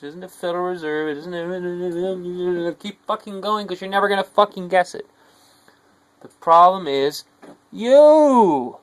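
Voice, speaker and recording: A man with a gravelly, rough edge to his voice delivers a bitter, profanity-laced rant to the camera. He drifts between low, weary muttering and sudden angry shouts, full of contempt for his listeners. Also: rough recording. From United States. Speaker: video diarist. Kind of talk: angry rambling monologue.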